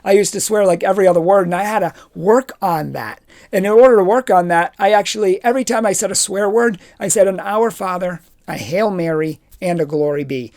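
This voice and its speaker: A man giving a youth retreat talk, telling personal stories with lively energy and acting out the dialogue. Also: high voice, brisk. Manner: animated storytelling, acts out dialogue. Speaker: confirmation retreat speaker.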